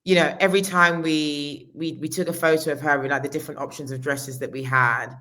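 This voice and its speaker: A woman's voice: low voice, steady tone, a little fast, bright, forceful tone. A woman, a costume designer talking casually in an interview, with many restarts. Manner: chatty, many restarts and fillers.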